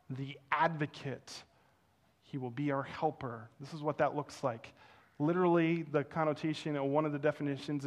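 A young man preaching a sermon, telling a personal story with animated swings between loud, excited passages and hushed, reverent ones. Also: medium pitch. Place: church.

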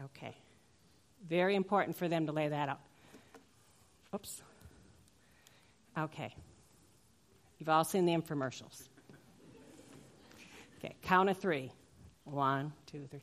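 A woman's voice: lowish voice, normal speed, pauses often. Woman preaching with emphatic, playful delivery. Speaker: pastor. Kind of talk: sermon. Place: church sanctuary.

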